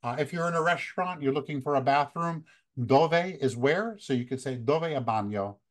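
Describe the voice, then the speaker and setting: An American man in his fifties, a photography workshop leader, giving relaxed, conversational travel tips with many fillers. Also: fairly high pitch, moderate pace. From United States. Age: 50s. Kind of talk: casual talk, practical travel tips.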